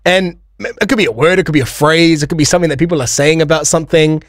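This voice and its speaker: A man's voice: a little high, fast talker, no echo, clean studio sound. A young man hosting casual radio banter, rambling and laughing with restarts. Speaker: radio host.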